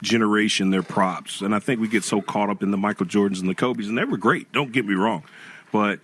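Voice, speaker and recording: A man's voice: fairly low pitch, brisk, a bit bright. A man co-hosting a podcast, talking in casual, joking banter. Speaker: podcast co-host. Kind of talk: casual chat.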